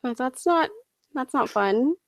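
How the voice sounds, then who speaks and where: Gravelly-voiced American woman hosting. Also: sits high, lively intonation, unhurried, no room sound, studio quality. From United States. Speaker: host and interviewer. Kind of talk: casual interview chat.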